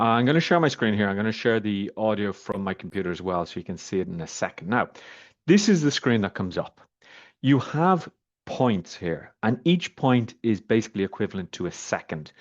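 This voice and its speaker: A man reviewing software over a screen share, talking casually and rambling with many fillers as he clicks around. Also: lowish voice. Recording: slightly muffled, dull audio.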